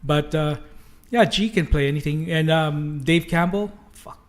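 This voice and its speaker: A man's voice: a little high, unhurried. Laughing, swearing man telling club stories. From Canada. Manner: laughing storyteller, swears freely, many restarts. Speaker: podcast guest, DJ. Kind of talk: casual chat.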